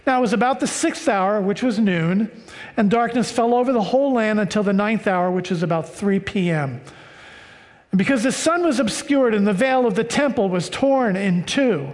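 High-voiced American man preaching in a hall. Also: animated, moderate pace. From United States. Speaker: pastor. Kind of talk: sermon reading and explaining scripture.

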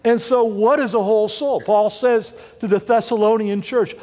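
A man's voice: extremely high pitch, animated, moderate pace, darkish tone, long reverb tail. An older man, a pastor, preaching a sermon in a conversational, punning way and asking the congregation questions.

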